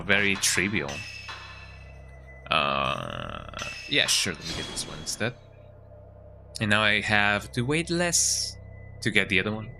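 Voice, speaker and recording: A man's voice: lowish voice, sharp tone. A man streaming a horror game, joking and chatting casually as he plays and often tagging his lines with "eh?". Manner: playful, jokey, keeps tagging lines with "eh?". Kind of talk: casual gameplay commentary.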